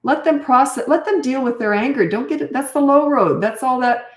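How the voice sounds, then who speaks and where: A woman's voice: high voice, lively intonation, brisk. Blunt older woman in an echoey room. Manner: blunt, no-nonsense, acts out quoted lines. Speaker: parenting coach. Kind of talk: casual advice talk.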